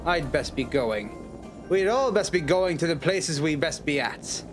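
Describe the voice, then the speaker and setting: A man's voice: a little high, lively intonation, a little slow, over music. A man voicing a gloomy doppelganger agent in a game, making grave, melodramatic pronouncements. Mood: ominous.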